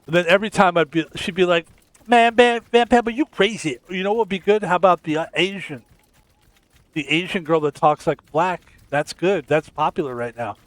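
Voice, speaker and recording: A man's voice: on the high side, brisk, no room sound. Crude joking male game streamer. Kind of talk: casual gameplay commentary.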